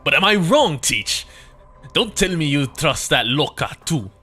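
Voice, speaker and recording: A man's voice: a little high, big pitch swings, a little slow, bright, forceful tone, soft background music, voice pushed up, full character voice. A man voicing an angry, sneering male troublemaker who taunts the others.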